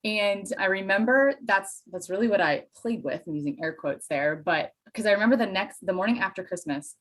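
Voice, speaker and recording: A woman from Pennsylvania, a Spanish teacher and dairy farmer, chatting as an interview guest with enthusiastic, animated storytelling and self-deprecating asides. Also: medium pitch, a little fast. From Pennsylvania, USA. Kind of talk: casual interview chat.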